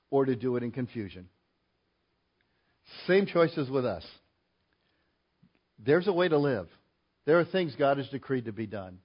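A male pastor preaching a sermon, emphatic and rising loud on key points. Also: a little high, highs cut off.

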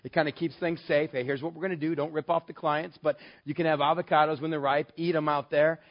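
Male storyteller from West Texas, animated and playful, on a dull lo-fi recording. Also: a little high, quick pace. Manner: lively, animated, acts out the voices in the dialogue. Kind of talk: personal anecdote told to an audience. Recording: dull, lo-fi sound.

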